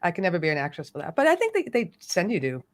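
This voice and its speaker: A woman hosting a casual live-stream chat, talkative, playful and quick to tease herself. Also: on the low side, huge pitch swings. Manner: chatty, playful and self-teasing. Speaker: host.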